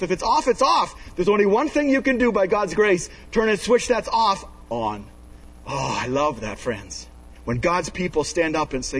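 A man with a high, husky voice preaches a sermon from a pulpit. He is emphatic, climbing into loud, high pleas and then sinking into low, hushed asides. The mic sits a little away from him in the room. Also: very animated, normal speed, distant mic, low-quality recording. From Canada. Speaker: pastor.

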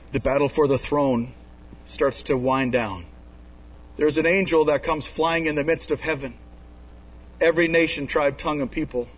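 A man with a high, husky voice preaches a sermon from a pulpit. He is emphatic, climbing into loud, high pleas and then sinking into low, hushed asides. The mic sits a little away from him in the room. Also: distant mic, low-quality recording. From Canada. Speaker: pastor.

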